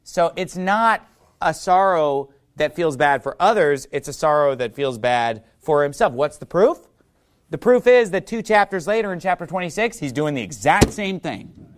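A man's voice: on the high side, expressive, normal speed. A male preacher teaching from the Bible in a sermon, reading scripture aloud and asking the audience questions.

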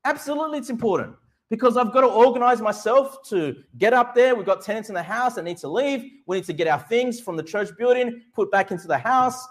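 A middle-aged man with a high voice preaching a sermon. He speaks with emphasis, asking his listeners questions and answering them himself. He draws out the key words of scripture slowly for effect. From Australia. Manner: slows right down to stress Bible verses. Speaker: pastor.

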